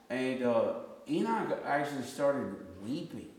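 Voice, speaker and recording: A man leading a casual group discussion, telling a story with lively, halting restarts. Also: mid-range voice. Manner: animated storytelling, often restarts sentences. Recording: echoey room with long reverb.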